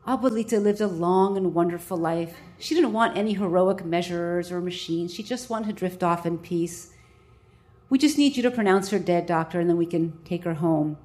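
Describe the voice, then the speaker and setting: A calm, gentle grandson who is a nurse, as a woman telling a story puts him on speaks politely and evenly. He sounds steady and kind, with no rush in his words. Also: fairly low pitch, moderate pace, natural voice.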